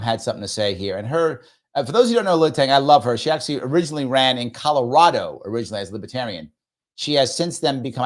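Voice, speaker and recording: A man hosting a live stream, chatting casually, reading viewer comments aloud and playfully pleading with his audience. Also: mid-range voice. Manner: playful, pleading, repeats himself for effect. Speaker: livestream show host.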